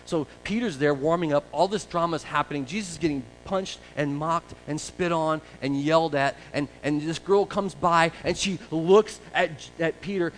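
Animated man preaching conversationally. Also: a little high, slight background noise, rough recording. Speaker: pastor. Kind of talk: sermon.

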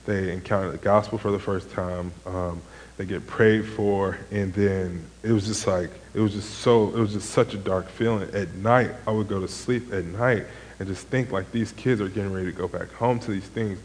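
A man's voice: low-pitched, fairly even intonation, moderate pace, darkish tone, in a large hall, poor audio. A young man, a former camp counselor, giving a casual sermon testimony in a rambling way, full of "like" and "um". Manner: rambling, heavy use of "like" and "um".

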